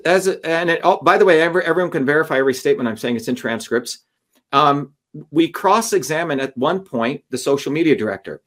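A man telling a long story in an interview, animated and acting out the voices of others as he goes. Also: fairly high pitch. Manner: animated, acts out courtroom dialogue. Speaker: guest.

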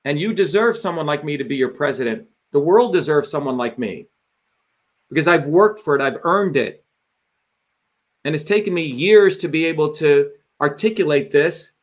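A man with a somewhat high voice rants on a livestream. He talks as a political candidate and host, and his delivery is fiery, forceful and full of swearing. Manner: fiery, profane ranting delivery.

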